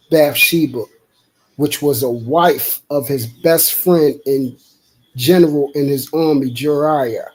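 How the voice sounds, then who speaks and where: A man's voice: mid-range voice, a little mellow, slightly rough, poor audio. A man hosting a stream who argues and preaches emphatically, acting out voices as he retells stories. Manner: emphatic, preachy, quotes God in a raised voice. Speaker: podcast host. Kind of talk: heated debate and preaching. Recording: live stream.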